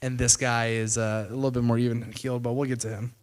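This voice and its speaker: A man's voice: mid-range voice, level tone, quick pace. Man giving a casual explainer. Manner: conversational, retells events with "he's like" and paraphrased quotes; frequent fillers and loose restarts. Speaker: presenter explaining politics. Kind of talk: casual explanatory video commentary.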